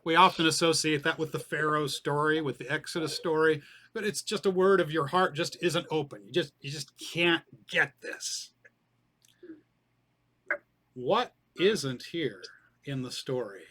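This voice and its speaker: A man's voice: on the high side, unhurried, pushed and bright. A man leading a group Bible study, explaining in a conversational way and putting questions to the group.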